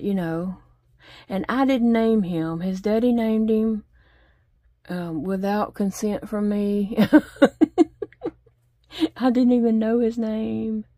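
A woman's voice: medium pitch, mellow, no echo, studio quality. A middle-aged woman chatting casually at home while she crochets, rambling along and talking to her pets. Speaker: crochet vlogger. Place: home desk.

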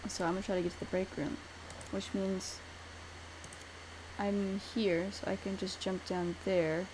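A young woman giving let's-play commentary, chatty and talking herself through the route, mumbling some lines quietly to herself. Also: medium pitch, flat delivery, unhurried, noisy background. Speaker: gamer streamer.

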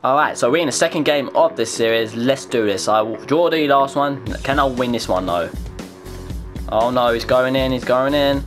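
A young man giving excitable, swearing live commentary on his own gameplay, talking to himself as he plays. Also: mid-range voice, normal speed, faint music behind. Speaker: gaming video creator.

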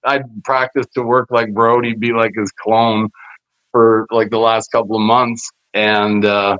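A man from Canada, a guest wrestler telling rambling, animated stories with lots of fillers and swearing. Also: fairly low pitch, a little slow, clear, resonant tone, no echo. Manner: animated storyteller who acts out other people's lines; rambling, with many fillers and profanity. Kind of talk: casual storytelling interview. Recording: slightly muffled dry podcast audio.

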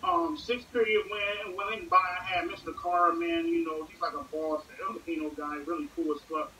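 A man's voice: a little high, steady tone, normal speed, sharp tone, far from the mic. A young man telling a rambling, profane comic story with lots of fillers. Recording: echoey room, off-mic, faint hiss.

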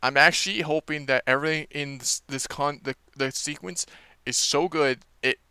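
A man's voice: a little high, moderate pace, pushed and bright, smooth, dry recording. A man casually reviewing a movie trailer, rambling with lots of fillers and restarts.

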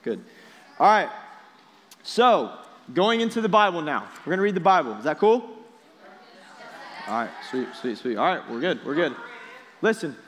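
A young man preaching to a youth group in a casual, energetic way, often checking with the students. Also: fairly high pitch, moderate pace, long pauses, slight background noise. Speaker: youth pastor. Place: large hall with students. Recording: echoey hall.

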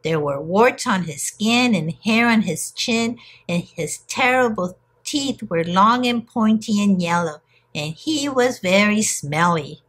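A woman teacher reading a picture book aloud to young children in an expressive storytelling manner. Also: mid-range voice, takes it slowly.

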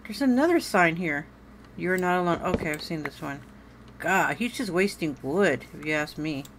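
A gaming channel host plays a horror game on a let's-play, talking straight to viewers in a fairly low, animated voice at a moderate pace. She is jumpy and full of exclamations, with a noisy background.

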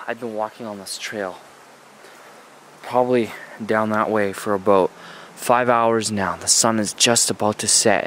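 A man in a comic found-footage parody, filming himself on a handheld camera outdoors in a forest. He fakes panic, jumping between hushed whispers and high squeals. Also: a little hiss or hum, low-quality recording. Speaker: amateur filmmaker playing a lost hiker.

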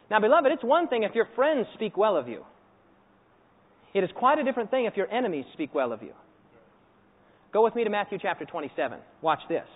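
Male preacher, high bright voice, animated storyteller, phone-quality audio with long hall reverb. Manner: animated storytelling, acts out scenes and quizzes the audience. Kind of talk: sermon. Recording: echoey hall over a tinny phone-like line.

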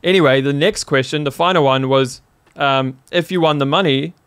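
A man from New Zealand with a New Zealand accent, a podcast guest telling a story in a casual, animated way, laughing often and saying "like" a lot. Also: a little high, moderate pace, smooth.

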